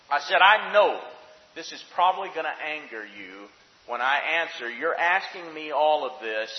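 A man preaching a sermon in a church hall, earnest and reflective, dropping from loud emphasis to quiet asides. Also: on the high side. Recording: roomy hall with long reverb, dull lo-fi sound.

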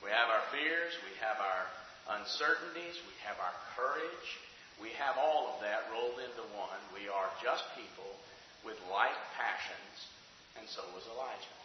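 A man preaching a sermon in a church, swinging between loud, dramatic outbursts and hushed, quiet passages. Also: fairly low pitch, moderate pace, a little hiss or hum. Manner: dramatic, rising to near shouts and dropping to hushed tones. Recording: echoey hall, muffled sound.

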